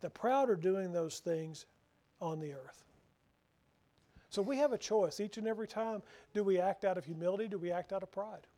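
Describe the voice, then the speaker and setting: A man preaching a sermon, reading scripture slowly and acting out the voices of the people he quotes. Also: sits high, warm tone.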